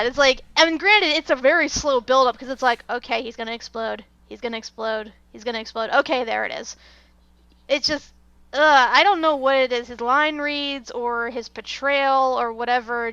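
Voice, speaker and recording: A woman co-hosting a casual film review chat, animated and quick to laugh. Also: a little high, clear, resonant tone, dry recording, muffled recording. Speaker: podcast co-host.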